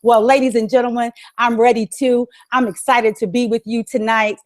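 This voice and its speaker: A woman's voice: a little high, little pitch movement, moderate pace. A woman from Virginia giving a rousing motivational talk as the guest speaker on a webinar, full of rhetorical questions. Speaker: guest speaker and business coach. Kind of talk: motivational speech.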